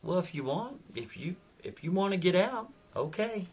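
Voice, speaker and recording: A man voicing a creepy, menacing male stranger who drives a car, calm and threatening. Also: high voice, normal speed, husky, pitched above the performer's own voice, heavily acted.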